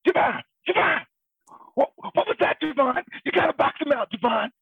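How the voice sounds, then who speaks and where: A man imitating an exasperated male basketball coach scolding a player, in a shrill, sputtering voice. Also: lively intonation, normal speed, creaky, dry recording, full character voice. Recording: dull lo-fi recording with faint noise.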